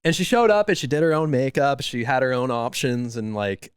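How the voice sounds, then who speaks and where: Very animated and fairly quick, this podcast co-host has a mid-range voice with a clear, resonant tone. He chats casually, telling stories and acting out what others said in many quoted bits. The recording is dry, with clean studio sound.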